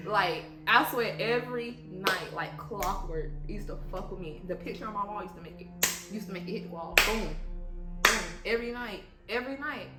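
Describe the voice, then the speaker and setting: A woman co-hosting a vlog, telling stories in a casual, animated way, full of swearing and frequent laughter. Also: medium pitch. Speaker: vlog co-host. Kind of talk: casual storytelling. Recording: roomy sound with music behind.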